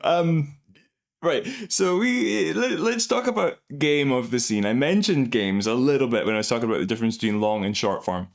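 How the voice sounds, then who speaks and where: A man, an improv coach hosting, explaining scenes in an animated, enthusiastic way. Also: medium pitch, normal speed, creaky. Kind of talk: reaction and analysis commentary.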